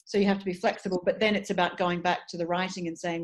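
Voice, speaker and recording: In this interview, a voice and dialect coach speaks in a lowish voice at a quick clip. She is articulate and animated, now and then breaking off to begin a phrase again.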